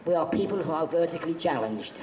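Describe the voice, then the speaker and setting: A man with a slightly high voice, lively intonation and fast delivery tells jokey, chatty stories as a convention panel guest, acting out quotes for a live audience. Crowd noise, hall echo and faint background noise are audible.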